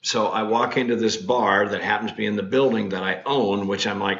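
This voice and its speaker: A man's voice: lowish voice, fairly even intonation, brisk, a bit bright. A man in his sixties, a guest in casual chat, telling stories bluntly. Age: 60s. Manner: blunt storyteller. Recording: roomy, dull lo-fi sound.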